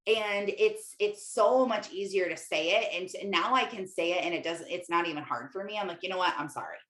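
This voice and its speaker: A woman's voice: lowish voice, brisk, a bit bright. A young adult woman, a Christian life coach and podcast host, talking candidly in a casual monologue full of "like" fillers. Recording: echoey room.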